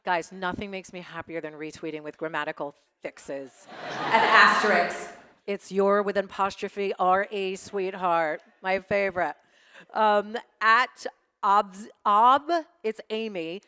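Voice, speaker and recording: A middle-aged woman reading tweets aloud to a live audience, with animated, joking, sassy asides. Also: medium pitch, normal speed, clear, resonant tone, long reverb tail. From United States. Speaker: guest reading tweets on stage. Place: event space with audience.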